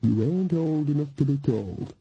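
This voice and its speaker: A man's voice: fairly high pitch, expressive, normal speed, warm tone, husky, dry recording, muffled recording, soft background music, heavily acted. A man voicing a cheerful, mischievous old woman witch who talks chattily, read as an audiobook character. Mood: cheeky.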